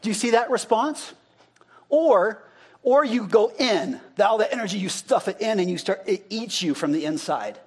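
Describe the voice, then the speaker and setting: This is a pastor delivering a sermon in a loose, chatty way. His voice sits notably high for a man. He keeps turning to the people in front of him with questions and repeats what they call out. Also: animated, normal speed, breathy edge. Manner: conversational, asks the congregation questions and repeats their answers. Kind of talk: interactive sermon.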